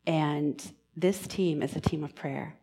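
A woman giving a sermon in church, earnest and pastoral, moving between emphatic lines and hushed, almost whispered ones. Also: low voice, takes it slowly, slightly rough. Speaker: preacher.

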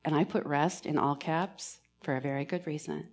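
A woman giving a sermon in church, earnest and pastoral, moving between emphatic lines and hushed, almost whispered ones. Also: deep voice, steady tone, moderate pace. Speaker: preacher.

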